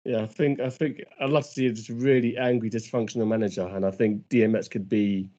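Mellow-voiced man telling anecdotes. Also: on the low side, steady tone, fast. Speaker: podcast co-host. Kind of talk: casual podcast chat. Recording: dull lo-fi sound.

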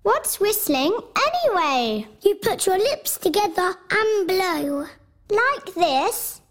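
A woman's voice: extremely high pitch, very animated, takes it slowly, heavily acted. A woman voicing a bossy little girl pig and her sheep friend in a cartoon clip, childlike and sing-song. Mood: chirpy. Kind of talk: cartoon voice acting.

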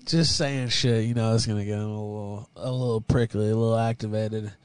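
Moderating a casual livestream, a Southern US man rambles and chuckles a lot, his volume jumping between loud and soft. His tone stays steady and clean, and he talks briskly.

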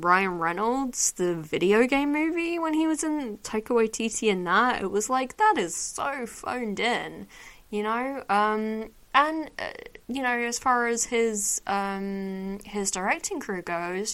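A woman's voice: mid-range voice, a bit bright. Chatty woman podcaster gushing over favorites. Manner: chatty, gushing, rambling with many fillers. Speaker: podcast host. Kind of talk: casual solo awards chat.

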